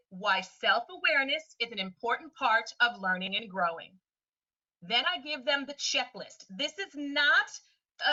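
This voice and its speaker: A woman teacher presenting a webinar lesson in a lively way, often slipping into quick voices for students and friends. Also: a little high. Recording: distant, dull lo-fi sound.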